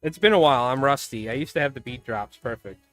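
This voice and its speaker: A man streaming live, chatting casually and calling a marble race with loud bursts of excitement. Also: medium pitch, quick pace, no echo. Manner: rambling, laid-back, bursts into loud excited commentary. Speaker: streamer and fly tier. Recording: faint music under the voice. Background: background music.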